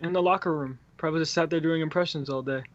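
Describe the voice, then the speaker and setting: A man's voice: on the high side, fairly even intonation, fast talker, no room sound, lo-fi sound. A man co-hosting a podcast in casual chat, dry and teasing. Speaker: podcast co-host.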